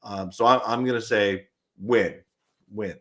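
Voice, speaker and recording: A man's voice: on the low side, a little slow, fairly bright tone. A young man hosting a live fan stream in casual chat, reading viewer comments aloud, chuckling often and restarting his sentences.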